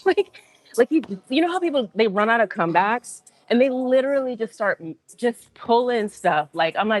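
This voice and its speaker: A woman telling a story on a livestream in an indignant, animated way, acting out what people said. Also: on the high side, fairly quick. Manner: indignant, animated, acts out quotes. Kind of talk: casual storytelling rant.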